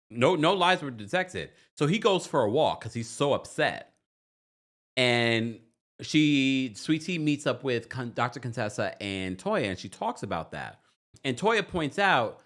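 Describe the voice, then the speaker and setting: A man hosting a reality TV recap livestream, chatting casually, reading viewer comments and laughing often. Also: a little slow. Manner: animated, laughs often, jumps into high squeals. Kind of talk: casual livestream chat reading super chats.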